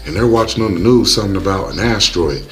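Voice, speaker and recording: A man's voice: low voice, animated, quick pace, a bit bright. A young man narrating a movie recap in loose, slangy, joking storytelling.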